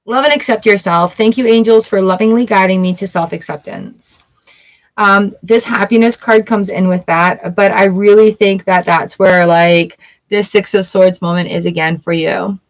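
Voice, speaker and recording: A woman's voice: medium pitch, steady tone, normal speed. A woman giving a casual tarot reading, chatty and playful, with the odd swear word. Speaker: tarot reader.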